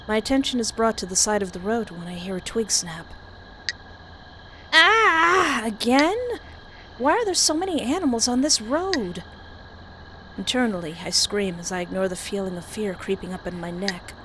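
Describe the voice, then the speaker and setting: There's a steady hiss behind this woman game streamer as she reads a horror visual novel aloud at a moderate pace. Her mid-range voice carries dramatic reactions, running commentary, and frequent laughter.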